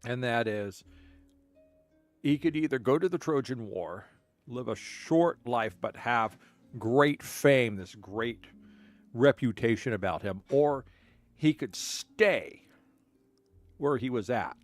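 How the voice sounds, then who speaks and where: A man's voice: medium pitch, animated, slow pace, pauses often, no echo, faint music behind. A man streaming a game, telling a long story casually, with frequent restarts and stammered repeats. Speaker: gaming streamer.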